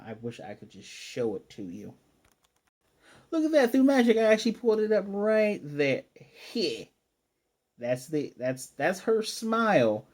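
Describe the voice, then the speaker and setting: A man casually recapping an anime episode, animated and playfully acting out the characters' lines. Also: medium pitch. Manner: animated, acts out characters' lines in quick voices. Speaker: anime reviewer.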